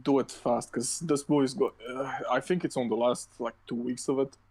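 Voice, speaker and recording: A man co-hosting a casual podcast, his voice sitting at an ordinary middle pitch. He rambles through his points with plenty of swearing, fillers and false starts. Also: steady tone, fairly quick, a little mellow, poor audio. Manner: rambling, profane, lots of fillers and restarts. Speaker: podcast co-host. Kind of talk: casual chat.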